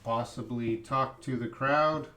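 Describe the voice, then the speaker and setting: A man answering viewers' English questions in a live-stream lesson. He explains patiently, with pauses and restarts. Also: mid-range voice, fairly even intonation, sharp tone, a little hiss or hum. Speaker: English teacher.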